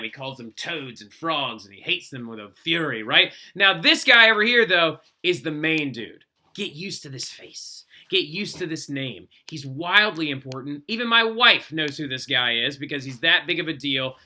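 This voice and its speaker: A man's voice: a little high, pushed and bright. A young man teaching a history lesson in a chatty, casual way, peppering his talk with "like" and "right?". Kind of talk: recorded classroom lesson.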